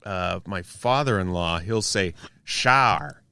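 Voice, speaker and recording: A man's voice: on the low side, sing-song, a little fast, fairly bright tone, no room sound. A man from western Pennsylvania, a podcast guest telling easygoing stories in a casual chat. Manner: storytelling, easygoing.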